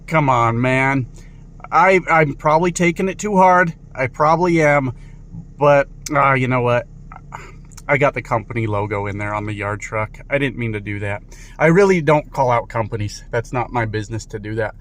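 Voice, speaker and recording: A man vlogging from inside a car while driving, talking casually and candidly, rambling with fillers, swearing now and then, and sometimes getting loud. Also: mid-range voice, moderate pace. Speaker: truck driver vlogger. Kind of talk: casual vlog monologue. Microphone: camera in car. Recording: loud road and car noise. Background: car and traffic noise.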